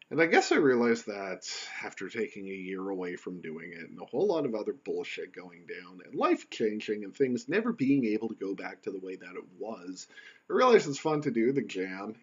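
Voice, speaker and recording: A man's voice: deep voice, dull audio. A man hosting a casual solo podcast from his computer at home, rambling in a wry, joking way. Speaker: podcast host.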